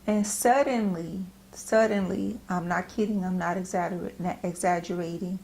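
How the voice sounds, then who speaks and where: A middle-aged woman from the United States giving a personal devotional talk. She speaks earnestly and gently, often halting and repeating phrases as she goes. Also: on the low side, fairly even intonation, creaky, a little hiss or hum. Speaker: Christian speaker.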